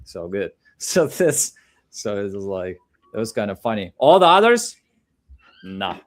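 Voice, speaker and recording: A man's voice: on the low side, big pitch swings, a little slow. A man co-hosting a live sales stream in casual chat, rambling and restarting his sentences.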